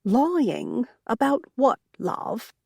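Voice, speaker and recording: A woman doing a gentle teacherly Aussie-Southern lady. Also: medium pitch, slow pace, breathy edge, no echo.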